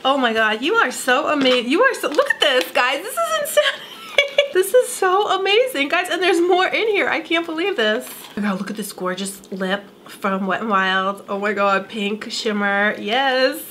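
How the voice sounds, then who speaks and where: A woman's voice: a little high, expressive, normal speed, few pauses, bright, forceful tone, a little hiss or hum. A young woman gushing through an emotional unboxing vlog, gasping and close to tears. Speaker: beauty vlogger.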